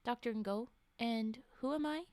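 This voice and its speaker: Clinical doctor, read by a woman, measured, dry close sound. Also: a little high, darkish tone, dry recording, lightly acted. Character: calm, clinical doctor interviewing a subject.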